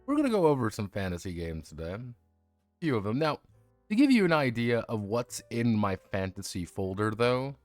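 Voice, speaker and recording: A man's voice: mid-range voice, very animated, moderate pace, darkish tone, dry recording, faint music behind. A man casually chatting on a livestream about tabletop role-playing games, rambling and self-mocking with frequent restarts. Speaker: streamer discussing tabletop games.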